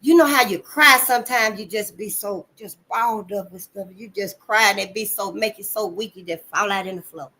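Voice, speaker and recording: A woman hosting her channel, giving blunt, profane commentary and calling listeners honey, swinging between loud outbursts and low asides. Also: brisk, few pauses. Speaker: channel host. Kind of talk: impassioned commentary.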